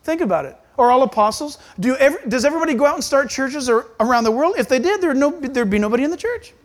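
A man preaching a sermon as pastor, emphatic and animated, acting out quoted voices. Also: very high-pitched, fast.

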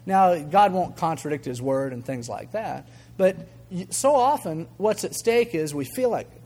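Older male pastor, lively storytelling sermon. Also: high-pitched, measured pace. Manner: conversational, animated, acts out quoted voices, chuckles.

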